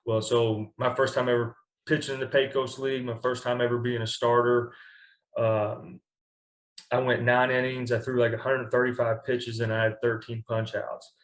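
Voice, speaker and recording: A man's voice: mid-range voice, level tone, normal speed. Rambling young man in an echoey room. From Kentucky, US. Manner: rambling, full of "like" and restarts. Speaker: baseball pitcher, guest. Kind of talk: casual storytelling interview.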